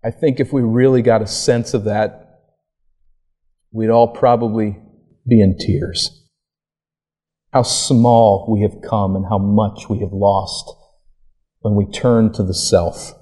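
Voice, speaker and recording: A man's voice: on the low side, steady tone, takes it slowly, long pauses, warm tone, slightly rough. A man preaching a sermon, asking rhetorical questions and building to emphatic peaks.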